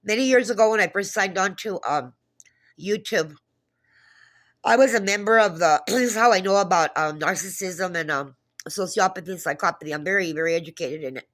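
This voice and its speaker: A woman's voice: on the low side, a little fast, a bit bright. A woman talking to camera in an agitated, profane monologue, retelling a phone call with many restarts. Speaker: vlogger. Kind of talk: casual monologue.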